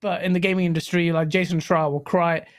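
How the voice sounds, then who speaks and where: A man's voice: on the high side, little pitch movement, a little fast. A man, a guest on a casual podcast, talking bluntly and joking with the host. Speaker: guest content creator.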